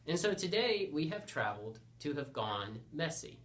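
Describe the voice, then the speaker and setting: An eager, boastful schoolboy hero with a bright, raised voice, as a man puts him on. He makes grand, excitable declarations, as in a comic storybook. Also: fairly high pitch, normal speed, slight background noise, voice pushed up. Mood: grandiose.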